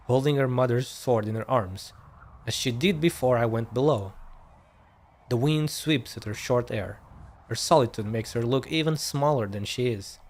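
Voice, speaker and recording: A male streamer reading game dialogue aloud, stumbling over words and correcting himself as he goes. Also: mid-range voice.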